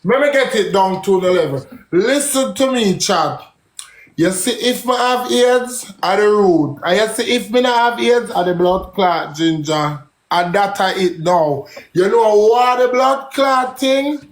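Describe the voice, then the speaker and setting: A man's voice: high voice, animated, a little slow, roomy sound. A man with a Jamaican accent hosting a live stream, talking in a brash, profane, emphatic way. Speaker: livestream host. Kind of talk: heated live-stream talk.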